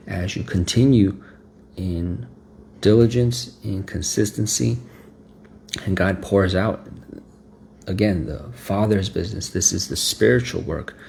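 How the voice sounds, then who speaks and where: A man with a fairly low, gravelly voice preaches a sermon. He is emphatic and conversational, repeats himself for effect and keeps asking "right?". Faint ambient noise sits behind him. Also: darkish tone.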